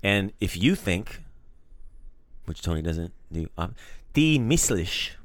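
A man hosting a casual language lesson, animated and playful, teasing his co-host and praising each repeat. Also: low voice, takes it slowly, no echo, studio quality.

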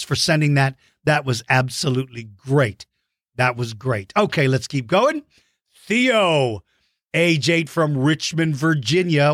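A man hosting a dinosaur show for kids, giving playful, enthusiastic shout-outs to young fans. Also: on the high side, dry recording, clean studio sound. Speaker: host of a kids' dinosaur show.

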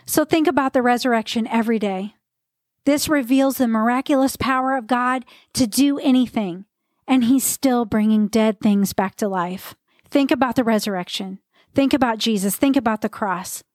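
A woman's voice: fairly high pitch, normal speed, darkish tone, no room sound, studio quality. A woman hosting a faith-based fitness podcast, speaking in an earnest, encouraging way and reading scripture aloud between motivational points. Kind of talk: motivational devotional podcast talk.

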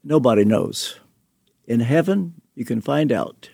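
An older man, a pastor and author, telling a personal story slowly and deliberately in an interview, with soft chuckles. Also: medium pitch, expressive, vocal fry, husky, no echo, clean studio sound.

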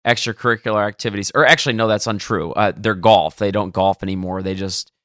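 A man's voice: on the low side, fairly even intonation, fast talker, fairly bright tone. A man from Detroit, a caddie, telling rambling stories in casual podcast chat and correcting himself as he goes. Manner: rambling storyteller, self-correcting.

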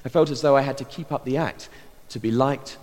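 A middle-aged English man from Bristol with a posh southern accent, a vicar giving an earnest, measured personal testimony as a sermon. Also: medium pitch, a little mellow, long reverb tail. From Bristol, England. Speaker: vicar and pastor.

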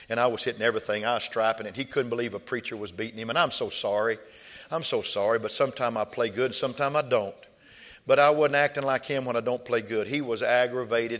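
Man, pastor, sermon, lowish voice, swings from booming to hushed. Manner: call-and-response preaching with sudden loud rises and soft drops.

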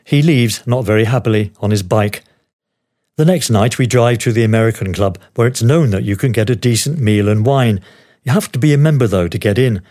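A man's voice: medium pitch, fairly quick, mellow. An older man narrating his own travel memoir as a podcast host, with a wry, dry humor. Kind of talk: memoir storytelling.

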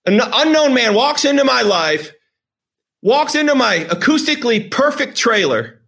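High-voiced man telling an emotional story. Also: sing-song, normal speed, creaky, a bit bright. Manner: rambling, repeats phrases, emphatic. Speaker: host. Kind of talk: emotional personal storytelling monologue.

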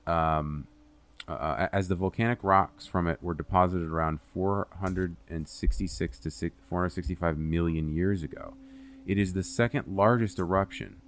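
A man hosting a casual podcast, explaining a science topic in a rambling, self-deprecating way with lots of fillers and swearing. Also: deep voice. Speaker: podcast host presenting the topic.

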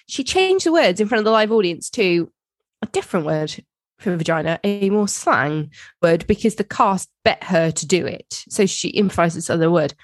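A woman's voice: mid-range voice, moderate pace, no echo. Chatty woman podcast cohost, voice jumps all over, dead dry mic. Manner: chatty, lively, acts out quotes. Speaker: podcast co-host. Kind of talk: casual chat about a TV show.

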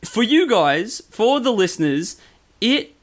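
A man's voice: sits high, very animated, takes it slowly. A man co-hosting a podcast, upbeat and encouraging, speaking to listeners. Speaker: podcast co-host. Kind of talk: casual chat.

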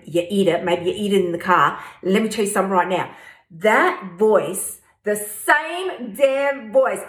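A woman hosting a motivational weight-loss podcast, blunt and profane in a tough-love manner. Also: fairly high pitch. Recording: echoey room.

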